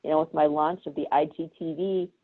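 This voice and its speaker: A woman's voice: low voice, fairly quick. A woman guest telling stories in casual chat, acting out the voices of people in them. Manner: animated storyteller who acts out quoted voices. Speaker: guest speaker. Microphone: video call. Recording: tinny phone-like call audio.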